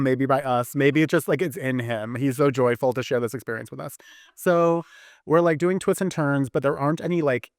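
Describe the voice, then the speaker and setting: A chatty man tells a story with lively energy on a casual podcast. His voice sits a little high for a man. The recording is dry and close, with no room sound. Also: no echo. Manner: animated, chatty, lots of likes and restarts.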